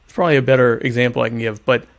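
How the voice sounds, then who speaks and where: Gravelly deadpan man chatting over dinner. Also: mid-range voice, very fast. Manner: deadpan, ironic, rambling with many restarts; talks while eating dinner. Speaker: podcast host. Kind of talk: casual solo chat answering listener questions.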